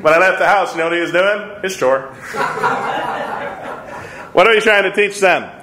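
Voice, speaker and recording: A man's voice: high voice, normal speed, crowd noise. A man in his thirties teaching an adult Sunday school class in a conversational, earnest way, repeating his points and chuckling at himself. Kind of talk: conversational Bible lesson. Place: church room. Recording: echoey church room.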